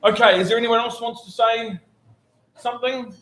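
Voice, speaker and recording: A man's voice: extremely high pitch, fairly even intonation, normal speed, noisy background. Man hosting a memorial, wry stories. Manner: wry storytelling. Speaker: host of a memorial gathering. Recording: echoey room.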